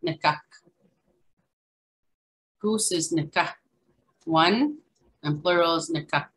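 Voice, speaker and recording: A woman leads an online language lesson, saying each word slowly and then saying it again. Her voice is bright and somewhat low, and she comes through a video call. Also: rough recording. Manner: slow, repeats each word carefully, casual asides. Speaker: language teacher.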